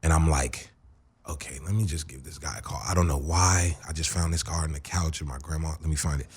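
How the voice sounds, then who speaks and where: A man with a deep, husky voice tells a long story in a radio studio. He rambles through it, swearing freely and restarting sentences as he goes. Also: steady tone, brisk. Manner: rambling, profane, with frequent restarts and fillers. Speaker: interview guest. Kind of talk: casual storytelling.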